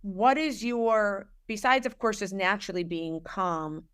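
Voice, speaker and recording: A woman's voice: mid-range voice, fairly even intonation, measured pace, clear, resonant tone. A woman hosting an interview show, asking frank, conversational questions that she rephrases as she goes. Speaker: podcast host. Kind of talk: casual interview chat.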